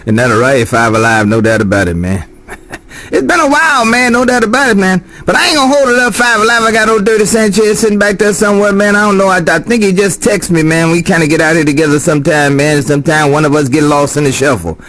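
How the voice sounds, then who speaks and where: A man's voice: sits high, fast talker, a bit bright. A man talking casually over a CB radio handset, drawling and repeating his catchphrases. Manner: drawling, repeats "no doubt about it". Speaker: CB radio operator. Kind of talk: CB radio chatter.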